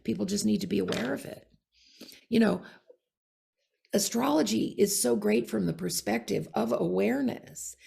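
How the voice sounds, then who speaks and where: A woman astrologer explaining in casual conversation, with a gravelly voice and frequent "you know" and "okay?". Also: mid-range voice, moderate pace, long pauses, mellow.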